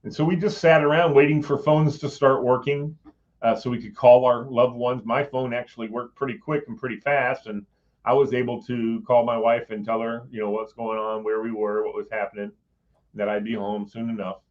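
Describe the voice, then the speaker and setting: A man's voice: medium pitch, normal speed, lo-fi sound. A middle-aged man telling a personal story in casual chat, acting out what people said and chuckling as he goes. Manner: animated, acts out quoted voices, chuckles mid-sentence. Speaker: guest recounting a personal story.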